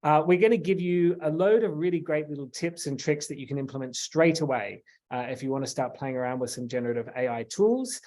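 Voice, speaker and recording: A chatty man with a fairly high voice hosts a webinar and leads the group through the plan for the session. He talks loosely with plenty of fillers, like on a video call. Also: brisk, darkish tone. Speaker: webinar host, company founder. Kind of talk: webinar presentation.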